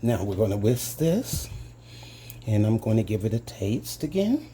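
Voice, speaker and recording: A man's voice: on the low side, very animated, a little slow, dark tone, a little hiss or hum. A man hosting a casual cooking demonstration in a home kitchen, chatting to his viewers as "guys" and savoring each taste with little hums. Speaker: home cooking channel host.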